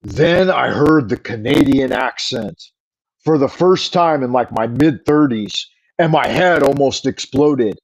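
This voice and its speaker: A man's voice: mid-range voice, animated, a little slow, low-quality recording. A middle-aged man with a Californian accent, rambling and swearing in an opinionated livestream chat. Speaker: livestream host.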